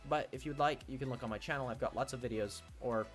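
A man's voice: mid-range voice, fast talker, faint music behind. A teenage boy streaming a game, chatting casually with viewers and thinking aloud as he plays. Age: teens. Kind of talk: casual live-stream chat. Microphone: desk mic he must face toward.

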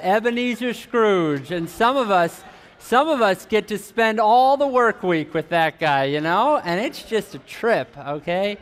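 A man giving a conversational sermon in a high, light voice. He keeps turning to the audience with questions like "right?" and drops in playful, teasing asides, stumbling and restarting as he goes. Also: lively intonation, unhurried. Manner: chatty, asks the audience questions, many restarts. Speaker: pastor.

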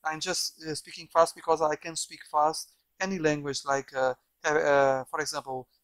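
The speaker, a Portuguese native from Portugal who works as a software developer, casually demonstrates software at a moderate pace in a level tone. He rambles, often repeating himself and starting over. His slightly high, somewhat bright voice comes through a bad mic with no room sound.

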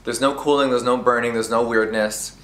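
A man's voice: mid-range voice, fairly even intonation, fairly quick, fairly bright tone, echoey room. A man vlogging casually to camera as a beauty creator, sassy and giggly, swearing casually as he chats from a hotel room.

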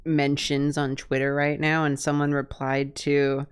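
A man's voice: a little high, completely flat delivery, a little slow, clear, resonant tone. A man co-hosting a live drawing stream, talking in a laid-back way and laughing often. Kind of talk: casual chat on a live stream.

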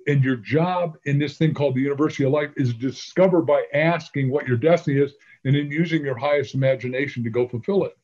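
An older man talks as a guest author in an interview and makes his points in long, emphatic lists. His voice sits at an ordinary pitch, and the audio is dull and lo-fi. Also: fast, darkish tone. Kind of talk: conversational interview.

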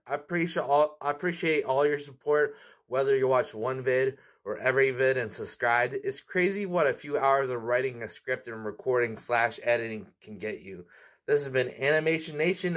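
A man hosting a cartoon review channel, talking in a chatty, casual way with frequent laughs. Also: mid-range voice. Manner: chatty, laughs often, quick asides.

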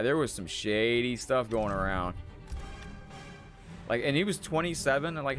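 A man's voice: mid-range voice, a bit bright. Chill guy streaming a fighting game, chatty, thanks chat, tells stories, faint music behind. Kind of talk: live gameplay commentary.

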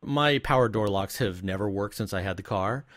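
A man's voice: fairly low pitch, moderate pace, fairly bright tone, no room sound, studio quality. A man hosting a podcast, chatting casually and asking his guest questions. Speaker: podcast host. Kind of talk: casual interview chat.

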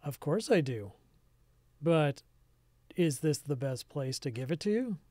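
A man voicing a calm, wry stranger who talks in a sighing tone. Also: fairly high pitch, unhurried, dry recording.

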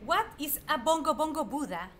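High-voiced excitable woman gamer. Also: brisk. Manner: excitable, talks to enemies, repeats herself when frustrated. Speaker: gameplay streamer. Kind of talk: live gameplay commentary. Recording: faint game music behind.

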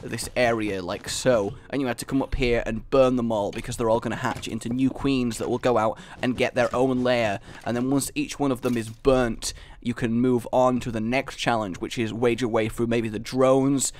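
A young man giving casual, rambling commentary while building in a game, excitable and thinking out loud. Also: mid-range voice, normal speed, few pauses, slight background noise. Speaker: gaming video creator. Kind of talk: casual let's-play commentary.

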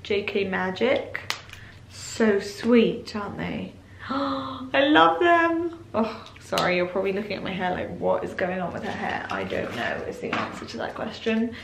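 A woman's voice: mid-range voice, normal speed, gravelly, reverberant, a little hiss or hum. A young woman chatting casually in her bedroom as she unboxes parcels, gushing and full of exclamations. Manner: gushing, excitable, lots of exclamations. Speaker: vlogger. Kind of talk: casual vlog chat while unboxing. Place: bedroom at home.

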